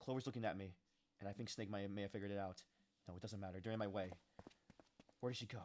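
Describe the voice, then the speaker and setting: A man's voice: lowish voice, fairly even intonation, quick pace. A male streamer reading the game's text aloud with dramatic emphasis and casual asides. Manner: dramatic read-along with asides. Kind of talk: reading game text aloud while playing.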